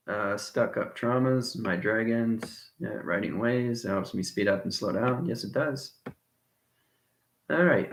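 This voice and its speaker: A man's voice: medium pitch, creaky. Rambling man in an echoey room. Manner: rambling, chuckles often, jumps between soft and loud. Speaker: channel host. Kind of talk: rambling spiritual monologue.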